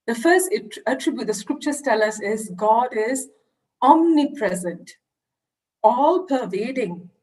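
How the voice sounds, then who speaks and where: A woman's voice: fairly high pitch, animated, measured pace, a little mellow, low-quality recording. A woman giving an earnest, explanatory online lecture over a video call. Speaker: religious education presenter.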